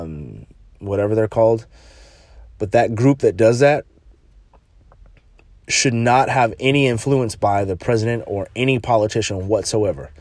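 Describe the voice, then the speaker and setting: A man's voice: medium pitch, a little mellow, no room sound, studio quality. A young man who works at a jail, telling a rambling story in casual chat, swearing and restarting often.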